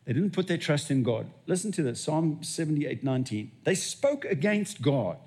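A man's voice: fairly high pitch, sing-song, moderate pace, darkish tone, husky. A man preaching a sermon as lead pastor, telling stories and acting out little dialogues. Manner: storytelling, acts out dialogue with God.

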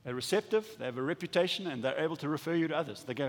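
A man preaching a sermon as pastor, animated and acting out little dialogues, often stumbling and restarting his words. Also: a little high, very fast, hardly any pauses. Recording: long hall reverb.

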